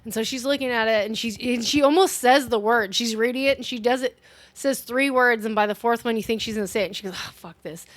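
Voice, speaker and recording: A woman co-hosting a casual movie review, retelling scenes in animated detail and swearing freely. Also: on the high side, quick pace, dry recording. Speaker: podcast co-host.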